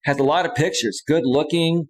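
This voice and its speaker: Speaking at normal speed in a steady, fairly high voice, a man coaching on dating and life talks casually to his livestream audience. He keeps checking in with them, restarts sentences a lot and repeats himself, all on poor-quality audio.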